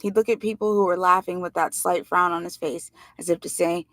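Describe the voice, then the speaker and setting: A woman reading a novel aloud in plain, steady first-person narration. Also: on the low side, brisk, no room sound. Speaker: reader.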